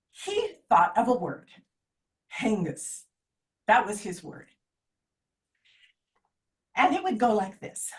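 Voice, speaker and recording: A woman's voice: a little high, far from the mic. An older woman telling a humorous story at a speaking club, switching into playful acted dialogue. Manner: switches between narration and playful acted quotes.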